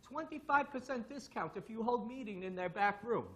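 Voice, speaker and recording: A man's voice: sits high, animated, normal speed, fairly bright tone. A man voicing a blunt Russian former spy who talks in clipped, broken English with a Russian accent. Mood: matter-of-fact.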